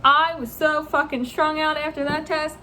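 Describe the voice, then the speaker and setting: A young woman with a high voice tells a story to the camera, animated and laughing between lines. She swears freely and acts out the people she quotes. Faint noise sits behind her. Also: moderate pace. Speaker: vlogger. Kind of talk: casual storytelling vlog.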